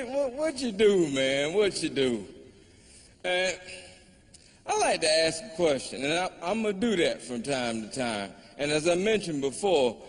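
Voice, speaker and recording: A man doing stand-up comedy, telling a story in a wry, drawling way with pauses. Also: medium pitch, slight background noise. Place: live comedy venue, large hall. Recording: live hall reverb, faint ambience.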